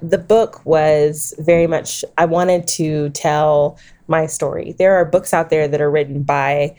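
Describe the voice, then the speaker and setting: Author guest, woman in her thirties with a low voice, animated storyteller who acts out what people said. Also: unhurried. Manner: animated storyteller, laughs often, acts out quotes. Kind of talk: conversational interview storytelling.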